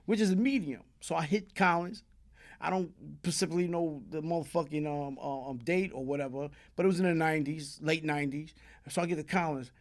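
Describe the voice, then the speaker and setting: This Brooklyn-born interview guest talks in a high, slightly mellow voice with a New York accent. His long, casual story is streetwise and full of profanity, peppered with tags such as "you heard?".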